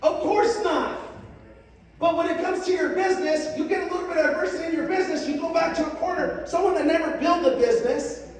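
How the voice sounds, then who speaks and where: High-voiced man booming in an echoey hall. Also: steady tone, fast, slight background noise. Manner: emphatic, calls on the crowd to repeat lines. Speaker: motivational speaker. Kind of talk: motivational stage speech. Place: large hall with an audience. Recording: echoey hall, distant mic, crowd.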